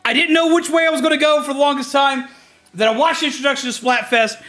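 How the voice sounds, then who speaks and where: A man streaming a game, chatting casually with his viewers, ranting with lots of energy, swearing freely and shouting greetings to his chat. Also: very high-pitched, fairly even intonation, fast talker.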